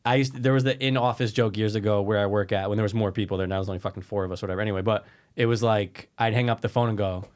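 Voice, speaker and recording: A young man co-hosting a casual podcast, telling stories in a rambling, animated way with lots of swearing and restarts. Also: on the low side, very fast. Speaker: podcast co-host.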